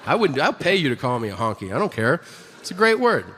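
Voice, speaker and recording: A man's voice: mid-range voice, very animated, fast talker, big-room sound, noisy background. A man performing a stand-up comedy set with sarcastic, mock-boastful, profane punchlines.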